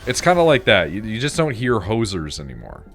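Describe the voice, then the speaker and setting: A man's voice: lowish voice, sing-song, brisk, a bit bright, soft background music. A Canadian man rambling casually while gaming, swearing freely and filling his talk with "like". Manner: rambling, profane, heavy on fillers. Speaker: gaming streamer.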